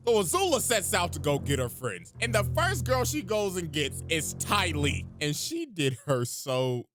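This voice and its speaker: A man's voice: mid-range voice, big pitch swings, moderate pace, few pauses. A young man giving a profane, joking recap of a cartoon full of slang. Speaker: video host. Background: music.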